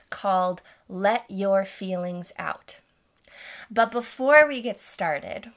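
A woman hosting a children's music lesson, speaking to toddlers in a gentle, playful way. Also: medium pitch. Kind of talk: teaching toddlers with songs.

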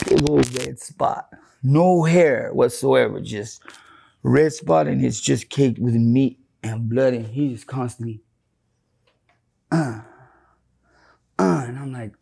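A man's voice: medium pitch, slow pace, creaky, long pauses, slightly rough. A man in a candid street interview, telling rambling, profane stories and acting out his friends' words. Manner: profane, rambling, animated when quoting friends.

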